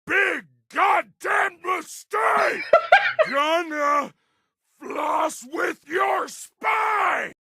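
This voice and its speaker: An actor voicing a hulking, gleefully murderous game monster who bellows short, brutish threats and taunts. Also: male voice, very high-pitched, extremely slow, gravelly, sharp tone, no room sound, shouting, exaggerated voice. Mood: raging taunts. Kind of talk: game character voice lines.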